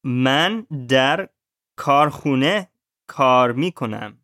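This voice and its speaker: A man's voice: medium pitch, lively intonation, a little fast, bright, forceful tone. A male student in a language lesson echoes each word after his teacher. He repeats them carefully, and the recording is dry and close.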